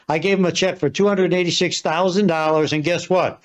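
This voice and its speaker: A man's voice: fairly high pitch, steady tone, quick pace, few pauses. Chatty male ad storyteller, dull audio. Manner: chatty anecdote. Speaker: business owner in an ad. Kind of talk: ad testimonial story.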